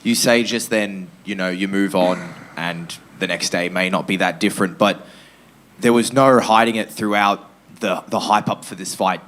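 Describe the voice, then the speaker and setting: A man's voice: deep voice, steady tone, normal speed, a bit bright. A man reporter putting a long, earnest question to a fighter at a press conference.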